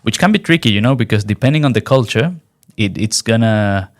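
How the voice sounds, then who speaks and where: A man hosts a relaxed podcast chat as an English teacher. He talks in a lively way and often acts out the lines other people said. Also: on the low side, a little fast. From Venezuela. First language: Spanish. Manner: animated, acts out quoted lines in different voices. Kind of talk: casual chat.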